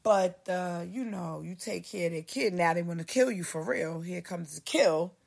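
A woman's voice: on the low side, normal speed, creaky. Foul-mouthed woman ranting on a podcast. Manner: heavy cursing, animated, mimics others in raised voice. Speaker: podcast host. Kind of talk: profane rambling monologue.

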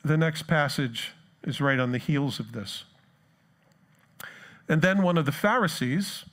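Male pastor, slightly higher voice, casual and funny, acts out scripture while preaching. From United States. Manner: conversational and joking, with lively retellings. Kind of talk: sermon. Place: church.

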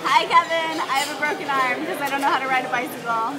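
A woman's voice: high-pitched, quick pace, over a noisy crowd, very noisy. A woman leaving a giggly joking message on a home video in a busy restaurant.

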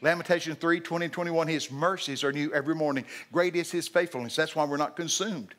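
A man preaching a sermon at a church service, animated and jokey, breaking into shouted acted-out lines. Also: on the high side, fast. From Texas.

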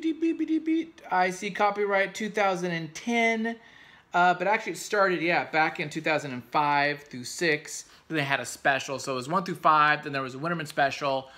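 A man hosting a comics review channel, talking in a casual, excitable, rambling way with jokey asides. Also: on the high side. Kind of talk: casual enthusiastic review vlog.

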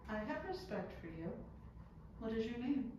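A woman's voice: a little high, expressive, normal speed. Firm woman asking direct questions, echoey. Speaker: paranormal investigator. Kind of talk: questioning during a ghost hunt. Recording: very echoey room, distant mic, noise.

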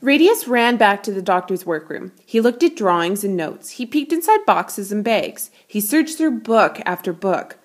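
A woman's voice: mid-range voice, sing-song, moderate pace, hardly any pauses. A woman teacher reading a children's picture book aloud and explaining math concepts with patient clarity.

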